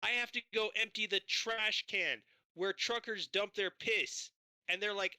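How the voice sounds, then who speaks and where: Guy ranting about his job on stream, super bright crisp voice, dry sound. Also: high voice, a little slow, no room sound. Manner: animated, swearing storyteller who acts out both sides of conversations. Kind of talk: casual chat.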